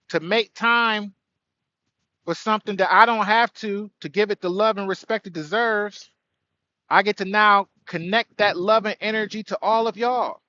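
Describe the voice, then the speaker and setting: A man's voice: high voice, sharp tone, lo-fi sound. A man hosting an outdoor spiritual livestream, speaking earnestly and greeting viewers by name. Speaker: livestream host. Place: outdoors by a tree.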